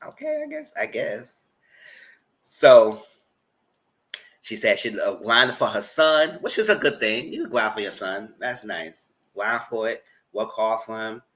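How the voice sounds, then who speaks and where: A man giving casual, chatty recap commentary on a reality show, often jumping into a high voice to mimic people. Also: unhurried. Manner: chatty, animated, mock-quotes people in a high voice. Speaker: TV recap host.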